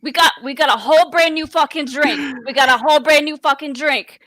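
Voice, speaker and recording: A woman voicing a pushy, foul-mouthed New Yorker woman with a put-on New York accent, pitching her idea emphatically. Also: brisk, a bit bright, dry recording. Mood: bossy, brash. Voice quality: bossy, cursing, emphatic.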